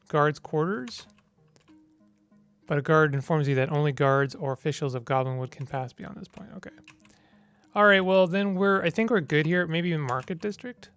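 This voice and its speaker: A man's voice: fairly high pitch, clean tone. A man giving casual gameplay commentary, reading the game's text aloud and mumbling through menu choices. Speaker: gamer.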